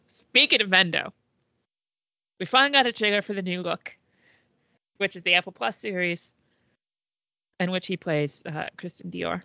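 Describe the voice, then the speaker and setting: A woman's voice: fairly low pitch, normal speed, vocal fry, long pauses, pushed and bright, no room sound, lo-fi sound. A woman co-hosting a podcast in casual chat, swearing freely and trailing off mid-thought. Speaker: podcast co-host.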